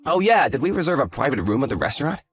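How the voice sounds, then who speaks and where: A man's voice: mid-range voice, sing-song, fast, no room sound, faint music behind. A man playing a smug, hungover fiancé. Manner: lazy, condescending, sarcastic. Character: arrogant hungover male fiancé, dismissive and smug. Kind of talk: scripted story drama.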